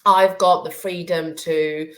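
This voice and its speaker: A woman's voice: lowish voice, fairly even intonation, slow pace. A woman speaking as a podcast guest, tearful and hesitant, with many "um" and "you know" fillers. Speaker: guest, business owner. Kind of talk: casual conversation.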